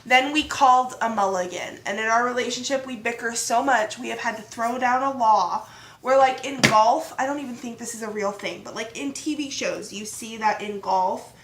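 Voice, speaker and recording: Bright, chatty woman vlogger. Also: on the high side, normal speed, a little hiss or hum. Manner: chatty, animated, fond teasing. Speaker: vlog host. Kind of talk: casual chat. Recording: echoey room.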